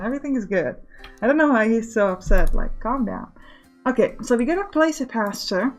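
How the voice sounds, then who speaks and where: A woman's voice: mid-range voice, animated, brisk, soft background music. A woman hosting a let's play, talking casually as she thinks aloud and gives orders to her game workers. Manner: chatty, thinking aloud, bossing game units.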